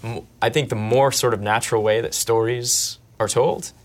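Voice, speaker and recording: A man, an actor, answering interview questions in an animated, thoughtful way that often restarts mid-thought. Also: medium pitch, normal speed. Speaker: actor guest. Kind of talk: conversational interview.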